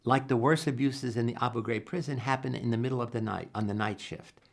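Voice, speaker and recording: An older man, a psychologist, answering interview questions in an earnest, animated way, acting out quoted dialogue and often restarting his sentences. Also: medium pitch, fast talker, gravelly. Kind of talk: reflective interview storytelling.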